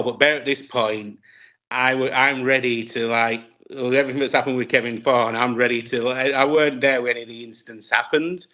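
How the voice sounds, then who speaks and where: A man's voice: mid-range voice, pushed and bright, highs cut off. Laughing, rambling man. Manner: rambling, many restarts, laughs often. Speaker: wrestler, interview guest. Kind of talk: casual anecdotal storytelling.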